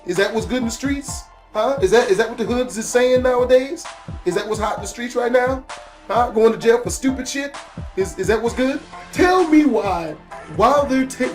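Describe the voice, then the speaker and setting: Profane, animated male storyteller. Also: very high voice. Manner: profane, animated, laughing at his own story. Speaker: YouTube storyteller. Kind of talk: casual storytime narration.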